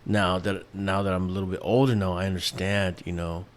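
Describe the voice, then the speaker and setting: A man's voice: low voice, little pitch movement, a little fast. A man in his thirties, from New York, hosting a casual solo podcast, rambling with lots of restarts and fillers and swearing freely. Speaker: podcast host.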